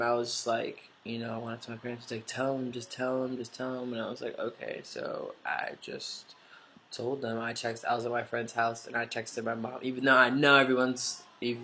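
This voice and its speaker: A man with a stuffy nose talks straight into his camera in a loose, rambling vlog, tossing in "like" and casual swearing. His voice sits at an ordinary pitch but barely moves up or down. A faint hiss runs under the recording. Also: monotone, a little fast, pushed and bright. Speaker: vlogger. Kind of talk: casual confessional storytelling.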